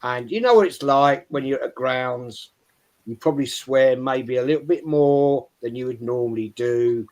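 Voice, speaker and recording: A man's voice: mid-range voice, moderate pace, darkish tone. A man, telling a rambling, swearing story on a football podcast. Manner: swearing, rambling, lots of "right?". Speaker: podcast panelist, Arsenal fan. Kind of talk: casual football chat, storytelling.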